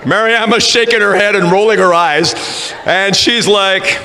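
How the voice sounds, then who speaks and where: A man coaching rugby, telling a funny story in a lively way at a school assembly. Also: high-pitched, moderate pace. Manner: humorous, animated storyteller. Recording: reverberant hall with faint background noise.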